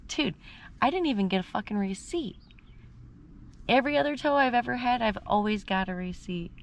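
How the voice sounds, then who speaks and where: A woman vlogger telling a story in an animated, indignant and profane way while sitting in her parked car. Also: fairly high pitch, moderate pace, a little hiss or hum. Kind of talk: casual storytelling vlog. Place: in a parked car, then outdoors on location.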